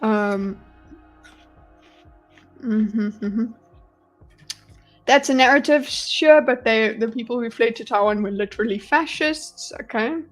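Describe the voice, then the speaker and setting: South African woman, fairly high voice, casual home streamer with faint music behind. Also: slow pace, long pauses. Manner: chatty, animated, swears and laughs often. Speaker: streamer reading chat. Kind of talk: casual live-stream commentary. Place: her home.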